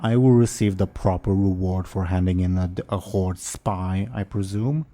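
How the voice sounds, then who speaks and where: A man putting on a gravelly, haughty death knight. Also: sits low, steady tone, normal speed, mellow, close to an everyday voice.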